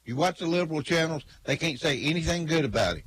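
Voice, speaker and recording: Folksy male debater, lively pitch, faint hiss. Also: fast, low-quality recording. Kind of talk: heated political debate.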